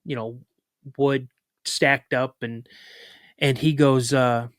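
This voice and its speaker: Man, podcast guest, casual storytelling, fillers and restarts, middle pitch, dry close sound. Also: slow, no echo. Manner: lively retelling with filler words and restarts.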